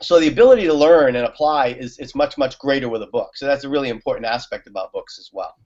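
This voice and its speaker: A man's voice: mid-range voice, expressive, fast, a little mellow. A man guest telling stories in casual conversation, laughing often and using many fillers. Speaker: guest on a talk show. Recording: muffled lo-fi audio.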